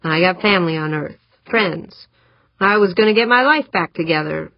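A woman reading the part of a gruff, resentful man stranded far from home in an audiobook. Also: lowish voice, moderate pace, no room sound, natural voice. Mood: sullen. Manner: sullen muttering. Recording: dry, dull lo-fi audiobook recording.

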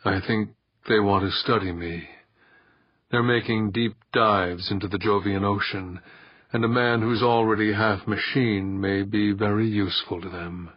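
A man's voice: on the low side, unhurried, breathy edge, dry recording, lo-fi sound. A man reading an audiobook, voicing a terse half-machine cyborg man who speaks curtly. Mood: flat. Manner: curt, flat.

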